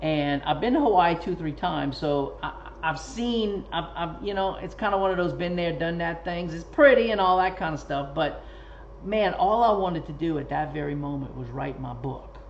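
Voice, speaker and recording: A man as a guest author in a casual interview, telling stories in a lively way and acting out what others said. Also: on the high side, moderate pace, gravelly, slight background noise. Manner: animated, lively storyteller who acts out quoted speech. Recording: dull lo-fi recording.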